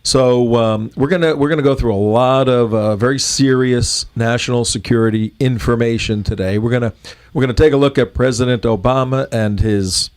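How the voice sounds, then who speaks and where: A middle-aged man hosting a political talk show, opinionated and halting, often restarting his sentences. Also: medium pitch.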